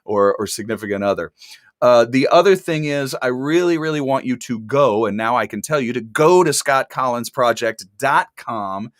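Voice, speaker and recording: A man from Texas hosts a casual online talk show in an easygoing ramble. His humor is dry enough to pass for serious. His voice sits at a middle pitch and sounds close and dry. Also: animated, moderate pace, no echo. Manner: chatty, dry sarcastic humor. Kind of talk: casual chat.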